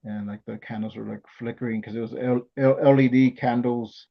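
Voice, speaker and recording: Deep gravelly man on a dull line. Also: steady tone. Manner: halting, many fillers and restarts while recounting. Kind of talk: casual chat. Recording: dull lo-fi sound.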